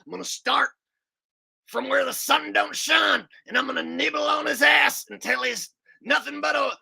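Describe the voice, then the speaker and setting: Man doing a wailing, gravelly ranting host. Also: normal speed, full character voice. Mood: sobbing rage. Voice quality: gravelly, high and shouting. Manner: wailing and bellowing rant. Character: man, a ranting radio host impression, sobbing and furious.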